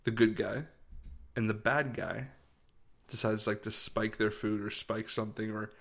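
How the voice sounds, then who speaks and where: A man's voice: on the low side, fairly even intonation, unhurried, gravelly, a bit bright. A man in casual chat, rambling and searching for words as he tells a story.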